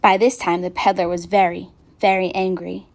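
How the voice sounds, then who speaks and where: A woman reading a picture book aloud with gentle, expressive narration. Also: fairly low pitch, moderate pace, gravelly. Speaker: storyteller.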